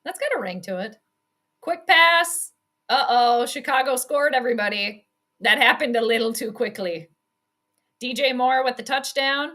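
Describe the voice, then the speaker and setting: A woman hosting casual live play-by-play football commentary, animated and quick to scold and laugh. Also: on the high side. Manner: animated, exclaims and scolds the team, laughs often.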